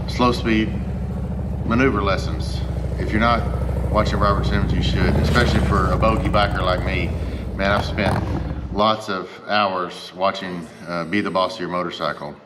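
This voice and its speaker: Deep-voiced man vlogging about motorcycles. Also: in a large hall, background noise. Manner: earnest, asks viewers for advice. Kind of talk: casual chat to camera.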